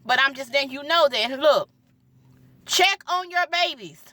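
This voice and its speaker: A young woman with a high, bright voice pours out her personal testimony in a dry, close recording. She pleads with her listeners and repeats her words for emphasis. At times she sounds tearful. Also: animated, a little slow, no echo. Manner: pleading, repeats phrases for emphasis, Southern Black church cadence. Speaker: gospel singer sharing her testimony.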